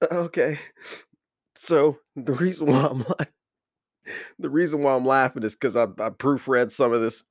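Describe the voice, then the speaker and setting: A man's voice: mid-range voice, very animated, measured pace, pauses often, dry recording, studio quality. A man hosting a casual comedy podcast, loose and slangy, laughing so hard he is in tears as he talks. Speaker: podcast host.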